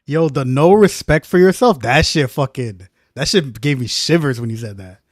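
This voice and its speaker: A man's voice: mid-range voice, animated, normal speed, dry recording. Laid-back slangy male streamer, dry sound. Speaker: live streamer, co-host. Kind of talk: casual stream chat.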